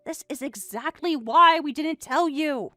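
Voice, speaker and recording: A woman's voice: high-pitched, a little slow, sharp tone, no echo, soft background music. A woman voicing a bratty young adult daughter who answers with snippy, eye-rolling retorts in a text-message story.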